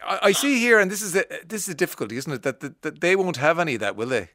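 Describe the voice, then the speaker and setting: Irish male radio host, studio mic, a touch high-pitched, teasing, talky, stammers through restarts. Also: animated, racing, sharp tone, slight background noise. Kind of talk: casual radio chat. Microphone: studio microphone.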